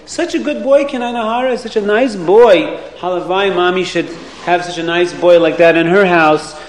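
An animated man tells children a story with a sing-song lilt and plenty of questions to them. His voice is fairly high, and the room echoes with a faint hiss underneath. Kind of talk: telling a moral story to children.

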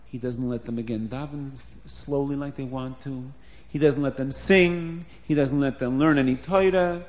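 A man telling a story aloud in a plain, earnest, repetitive way. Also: a little high. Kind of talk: spoken storytelling.

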